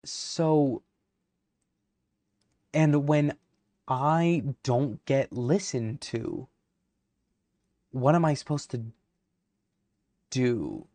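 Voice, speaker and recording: A young man rants heatedly to camera, rambling from point to point. He fills gaps with "like" and "uh" and swears freely. His voice sits at an ordinary pitch, and the sound is dry and close. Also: lively intonation, extremely slow, long pauses, mellow, no room sound. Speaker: vlogger. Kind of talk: ranting to camera.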